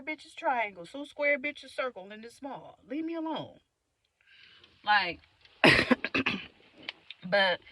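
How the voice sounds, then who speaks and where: A young woman venting in a candid, profane monologue, swinging from loud outbursts to low mutters. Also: no echo. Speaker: vlogger.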